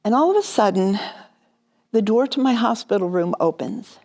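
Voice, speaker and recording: A woman pastor speaks in a mid-range voice, neither high nor low. She tells a personal story as a devotional reflection, earnest and quietly emotional. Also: animated, normal speed.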